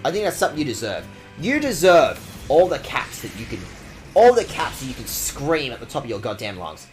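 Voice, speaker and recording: Animated, profane game streamer. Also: male voice, medium pitch, brisk, soft background music. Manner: profane, mock-outraged ranting. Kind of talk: casual game stream commentary.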